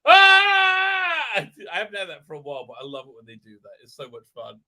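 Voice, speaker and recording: A man's voice: mid-range voice, expressive, rapid-fire, pushed and bright, husky. A man hosting a live stream, chatting casually in a rambling, sarcastic and self-mockingly grumpy way, swearing freely.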